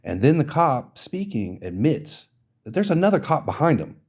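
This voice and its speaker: A man's voice: on the high side, very animated, moderate pace, darkish tone. A man hosting a podcast, delivering an indignant, profane rant of social commentary. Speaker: podcast host.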